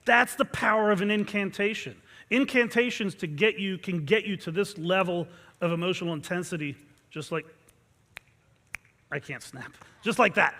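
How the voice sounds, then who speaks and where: Long reverb from a large hall surrounds a male martial arts instructor as he pushes his students with a motivational pep talk. His voice is high and bright, with a forceful tone at a moderate pace, and he leads intense call-and-response chants.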